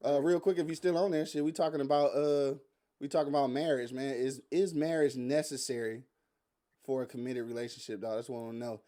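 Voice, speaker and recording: A man's voice: mid-range voice, steady tone, brisk, mellow. A man hosting a casual live podcast who jokes around, pushes back in debate and reads viewer comments aloud. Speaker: podcast host. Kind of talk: casual live-stream chat.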